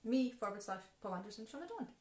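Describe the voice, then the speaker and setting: Female co-host, higher pitch, animated and chatty, echoey lounge. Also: quick pace. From Scotland. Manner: lively, chatty, teasing. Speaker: musician and livestream co-host. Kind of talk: casual chat between tunes. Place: living room at home. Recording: roomy home livestream audio with music.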